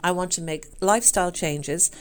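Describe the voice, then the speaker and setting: A woman's voice: lowish voice, normal speed, soft background music. Chatty Irish woman in her fifties. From Ireland. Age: 50s. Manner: chatty and upbeat, full of fillers. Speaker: challenge participant. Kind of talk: casual chat.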